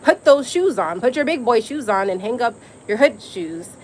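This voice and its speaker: A woman's voice: fairly high pitch, expressive, moderate pace, darkish tone, slight background noise, low-quality recording. A young adult woman hosting a live stream, telling stories in a candid, emphatic way with slang and profanity. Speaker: host. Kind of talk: casual live-stream chat.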